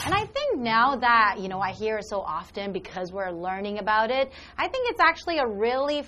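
A woman's voice: fairly high pitch, very animated, fairly quick, hardly any pauses, bright, forceful tone, dull audio, a little hiss or hum. A woman hosting a live English lesson, upbeat and encouraging as she explains words with examples.

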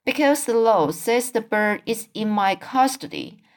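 A woman's voice: fairly high pitch, expressive, measured pace. A woman voicing a stern male game warden in a storybook reading, speaking firmly and matter-of-factly. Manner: firm, matter-of-fact.

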